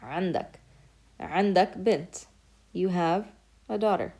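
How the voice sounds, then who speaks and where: A woman's voice: lowish voice, lively intonation, moderate pace, dark tone. Patient woman teaching Arabic basics. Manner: patient step-by-step explaining, modeling words aloud. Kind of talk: recorded lecture.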